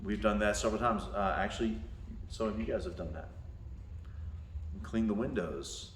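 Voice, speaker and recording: A male martial arts instructor talking to his students, a lively storyteller who acts out voices and laughs often. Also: lowish voice, normal speed, a little hiss or hum. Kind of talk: talk to students. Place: indoor training room. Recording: echoey room.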